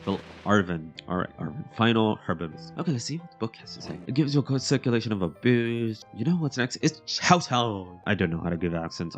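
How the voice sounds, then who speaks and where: A young man giving chatty, excitable let's-play commentary on a game, mocking himself as he goes. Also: deep voice. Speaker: gaming commentator.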